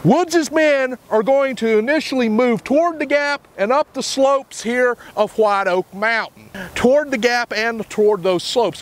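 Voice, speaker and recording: A man giving a measured on-site history talk about a battle as a park historian. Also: very high-pitched, a bit bright.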